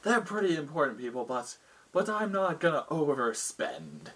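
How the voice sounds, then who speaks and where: A man's voice: on the high side, moderate pace, husky, far from the mic, voice pushed up, full character voice. Sheogorath, a mad giddy king, as a man puts him on. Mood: manic. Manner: excitable, theatrical exclamations. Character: mad rambling male king, manic and giddy.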